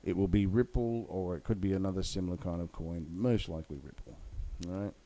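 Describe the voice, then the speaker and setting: A man with a deep, warm voice talks briskly as he rants heatedly about the crypto market, swearing bluntly. He then moves on to walk through chart analysis in a video, mixing angry ranting with chart commentary.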